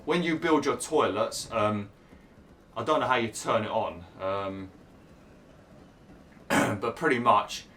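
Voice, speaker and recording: A man hosting a gaming channel, explaining a park-building game step by step with lots of fillers while his voice is going hoarse. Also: lowish voice, a bit bright, a little hiss or hum. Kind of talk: casual gameplay commentary.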